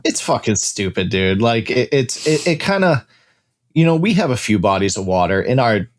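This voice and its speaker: A man's voice: mid-range voice, sing-song, moderate pace. A young adult man co-hosting a fishing podcast, talking bluntly and swearing in casual chat. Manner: blunt, profane. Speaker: podcast co-host.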